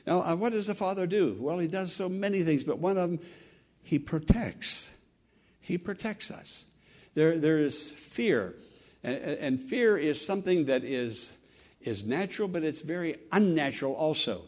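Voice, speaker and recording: A man preaching a sermon as pastor, earnest and conversational, swinging from fervent emphasis to soft, quiet phrases. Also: a little high, animated, unhurried. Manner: repeats words and restarts, conversational preaching.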